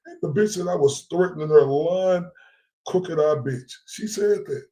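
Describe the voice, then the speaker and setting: Here the Dallas-area vlogger's voice is a little high and warm, moving at a moderate pace. Heated and profane, he addresses his followers in an angry monologue, repeating himself and asking "right?" while the room echoes.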